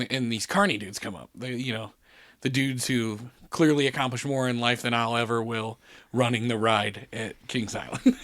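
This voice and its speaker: A man's voice: medium pitch, fairly bright tone. A man telling a long, rambling story on a podcast in a casual chat, swearing often and breaking into laughter. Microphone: podcast studio mic.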